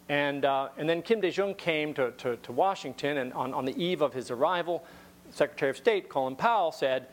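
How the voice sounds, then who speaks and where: Man telling a wry story, slightly high voice. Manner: conversational, repeats words when restarting, wry asides. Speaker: speaker giving a talk. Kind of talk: storytelling talk to an audience.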